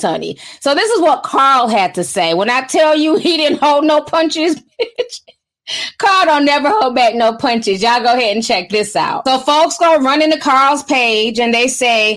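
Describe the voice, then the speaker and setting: A woman's voice: high voice, lively intonation, a little slow, fairly bright tone. A woman hosting a casual livestream of gossip commentary, sassy and slangy, often laughing as she talks.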